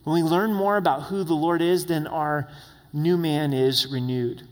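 A man's voice: on the high side, steady tone, unhurried, a little mellow, big-room sound. A man preaching a sermon as pastor, conversational, with tag questions and voiced quotes. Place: church sanctuary.

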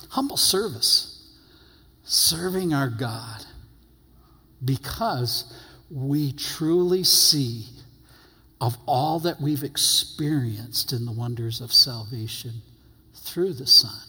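A man preaching a sermon, reading scripture aloud and stressing his phrases slowly and emphatically. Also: mid-range voice, pushed and bright, breathy edge. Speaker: pastor. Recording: long hall reverb.

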